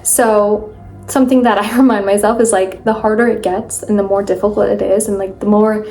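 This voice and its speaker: A young woman giving an earnest, emphatic motivational talk to camera in a casual vlog, quick and full of fillers. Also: mid-range voice, little pitch movement, mellow, faint music behind. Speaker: mindset vlogger.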